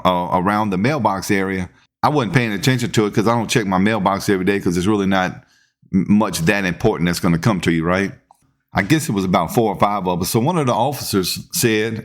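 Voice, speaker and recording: A man, hosting a podcast and telling a work story in a casual, animated way, acting out what people said. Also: lowish voice, brisk. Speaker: podcast host, police officer.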